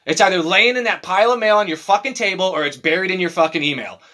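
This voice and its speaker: A man in casual chat who tells profane, animated stories and mimics other people in mocking voices. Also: sits high, fast.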